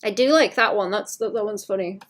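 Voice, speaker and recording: A woman's voice: medium pitch, fairly quick. A woman from Wales chatting casually on a livestream while she draws, thinking aloud with frequent restarts and fillers. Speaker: artist streaming while drawing.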